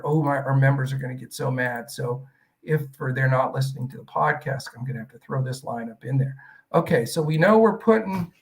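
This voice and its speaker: A man's voice: fairly high pitch, creaky, far from the mic, poor audio. A man hosting a live stream, talking in a rambling, chatty way with many fillers. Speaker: host.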